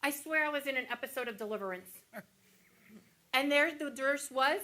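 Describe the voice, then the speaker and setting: An actress playing a wounded woman patient on stage who recalls cruel nurses, teary and halting with flashes of wry humor. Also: high voice, pushed and bright. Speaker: stage actor playing a breast cancer patient. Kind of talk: theatrical monologue.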